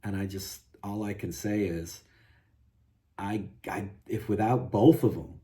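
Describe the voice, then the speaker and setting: In a fairly low, steady voice with a warm tone, a guitar vlogger airs his frustrations at a measured pace. The monologue rambles, full of restarts, asides, and repeated "you know".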